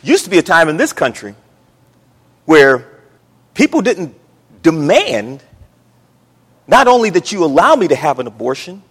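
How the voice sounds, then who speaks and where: A man from the United States preaching a sermon, emphatic, swinging between loud and hushed. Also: fairly high pitch, big pitch swings, measured pace, long pauses, breathy edge. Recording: reverberant hall.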